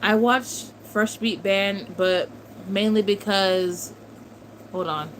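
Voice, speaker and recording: A woman's voice: medium pitch, fairly even intonation, takes it slowly, slight background noise, poor audio. A woman in her twenties chatting casually on a livestream, answering chat and swearing freely as she reminisces. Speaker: streamer reading chat.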